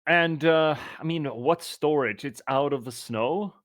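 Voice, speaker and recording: A man's voice: on the high side, a little slow. A man playing his character in a tabletop game, speaking with mock-formal politeness. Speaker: player.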